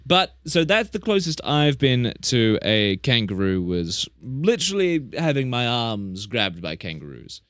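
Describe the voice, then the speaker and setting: A man's voice: medium pitch, big pitch swings, unhurried, hardly any pauses, fairly bright tone, dry recording, clean studio sound. A young man chatting casually on a live stream, rambling and correcting himself as he tells animal stories. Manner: rambling, chatty, self-correcting, plays up tall tales.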